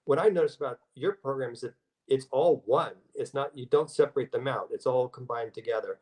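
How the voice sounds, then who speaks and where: A man's voice: mid-range voice, a little fast, a little mellow, rough recording. Hesitant male interviewer. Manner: hesitant, lots of fillers and restarts. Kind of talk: casual interview questions.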